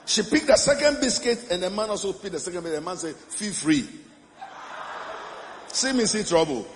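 Animated young preacher, high voice. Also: male voice, fast, big-room sound, background noise. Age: young adult. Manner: animated, rising to shouts and song. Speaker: pastor. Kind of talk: storytelling sermon.

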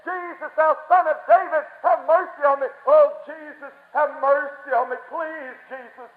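Desperate pleading blind beggar, high and slow, put on by a male preacher; tinny, echoey old broadcast. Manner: pleading, crying out.

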